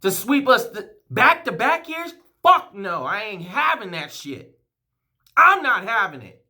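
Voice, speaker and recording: A man vents in an emotional fan vlog, cursing freely and tripping over his own restarts. His pitch swings wildly from low grumbles to high outbursts, and his voice has a bright, tense edge. The delivery is heated and rambling. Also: sing-song, a little slow. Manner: heated, profane, emotional rant. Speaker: sports fan vlogger.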